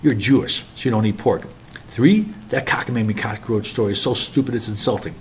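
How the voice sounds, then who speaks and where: A man's voice: on the low side, fairly quick, a little hiss or hum, lightly acted. A man reading a bitter, scheming young naval officer who snaps orders and puts on forced friendliness. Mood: angry.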